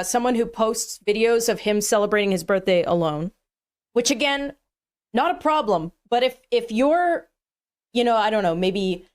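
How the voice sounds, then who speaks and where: Mocking woman on a livestream. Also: mid-range voice. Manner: dismissive and mocking, with filler words. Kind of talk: casual livestream rant.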